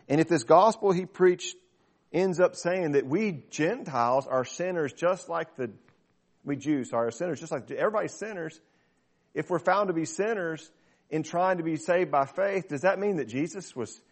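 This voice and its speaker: A man teaching a small Bible study class in a relaxed, conversational way, explaining verses plainly and checking in with his listeners. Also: on the high side, vocal fry.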